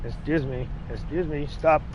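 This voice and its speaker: A man's voice: fairly high pitch, normal speed, darkish tone, a little hiss or hum. Chatty man streaming a farming game. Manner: chatty, talks to viewers and in-game workers, laughs often. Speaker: livestream host. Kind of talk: casual live gameplay chat.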